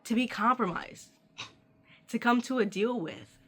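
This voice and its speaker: A woman's voice: on the high side, a little slow, fairly bright tone, husky. A woman giving a channeled tarot reading, speaking straight to the listener in an earnest, affectionate way. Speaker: tarot reader.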